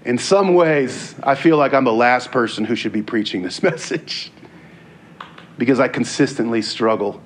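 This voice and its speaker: A man's voice: medium pitch, moderate pace. A man preaching a sermon in an earnest, conversational way, sometimes repeating words as he goes.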